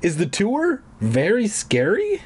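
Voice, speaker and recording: A man plays an eager, excitable boy in a children's horror story. He exclaims each line with a bouncing, lively pitch. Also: takes it slowly, husky, full character voice.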